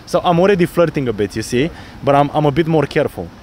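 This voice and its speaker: A man's voice: fairly high pitch, fast talker, a little hiss or hum. A man coaching a student on a city street, explaining how to approach women and acting out his lines. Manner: animated, acts out pickup lines in different voices. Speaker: dating coach. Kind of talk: outdoor coaching talk.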